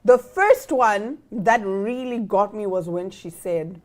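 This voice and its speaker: A woman co-hosting a casual chat, animated and acting out lines with sudden loud exclamations. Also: medium pitch, takes it slowly. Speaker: co-host. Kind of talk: casual chat about a TV series.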